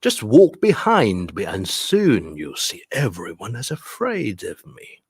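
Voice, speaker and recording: A man's voice: fairly low pitch, huge pitch swings, slow, slightly rough, dry recording, studio quality, full character voice. A man doing a cocky little mouse. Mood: bragging. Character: small clever boastful male mouse.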